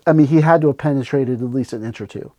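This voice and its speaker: A man's voice: medium pitch, quick pace, mellow, no room sound, highs cut off. A man hosting a podcast, telling stories in casual chat and acting out scenes with sound effects and quoted voices. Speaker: podcast host.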